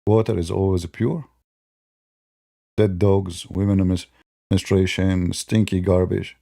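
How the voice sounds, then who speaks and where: Man, gravelly, sarcastic debate-show host with a mellow, dark tone. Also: flat delivery, measured pace, no echo, clean studio sound. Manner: mocking, sarcastic, imitates opponents in high voices. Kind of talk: polemical monologue.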